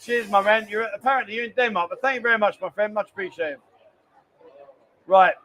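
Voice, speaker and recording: A middle-aged man hosts a live stream, bantering and rambling in casual chat. His voice is high, pushed and bright, and fairly quick, and the recording is rough.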